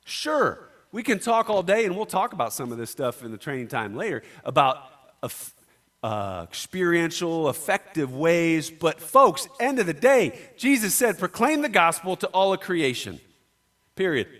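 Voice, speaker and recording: A man preaching a sermon in a slightly high voice. He is talkative and shifts from soft, quick asides to slow, loud, emphatic lines. His delivery is casual and full of restarts. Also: very animated.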